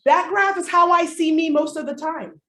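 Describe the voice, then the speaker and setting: A woman giving a live workshop as a coach, animated and playful, with comic asides to her audience. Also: very high-pitched, moderate pace. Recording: echoey room, distant mic.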